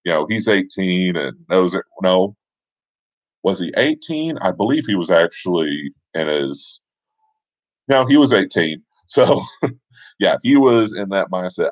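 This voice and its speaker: Low-voiced man telling a game story. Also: unhurried, no echo, highs cut off. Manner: relaxed, conversational, with fillers and asides. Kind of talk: casual spoken storytelling.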